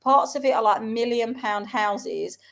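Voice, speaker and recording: A woman with a London accent, co-hosting a casual chat and telling lively stories about her life. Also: on the high side, measured pace, vocal fry. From South London, England. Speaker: co-host.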